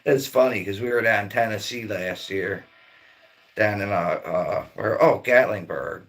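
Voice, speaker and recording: A man's voice: on the low side, slow pace, long pauses, a bit bright. A middle-aged man from Maryland rambling in laid-back, profane casual chat as a livestream host. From Maryland, near Baltimore.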